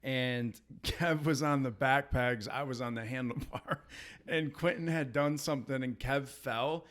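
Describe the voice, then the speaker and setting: A man's voice: medium pitch, unhurried, fairly bright tone. Laid-back man hosting a podcast. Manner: laid-back, laughs while telling stories. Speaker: podcast host. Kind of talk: casual chat.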